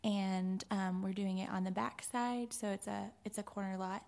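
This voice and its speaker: Female applicant, mid pitch, some fry, soft hesitant answers at a public hearing. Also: steady tone, moderate pace. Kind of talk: answering questions at a podium.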